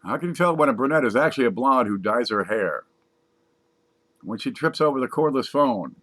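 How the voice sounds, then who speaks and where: A man casually reading jokes aloud from a page, putting on higher voices for the punchlines. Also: animated, brisk, fairly bright tone. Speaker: joke reader.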